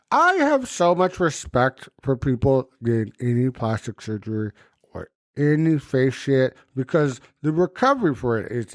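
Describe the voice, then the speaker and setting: A man co-hosting a podcast, telling animated stories in casual chat and swearing freely. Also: medium pitch, no echo, studio quality. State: recovering from jaw surgery. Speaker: podcast co-host.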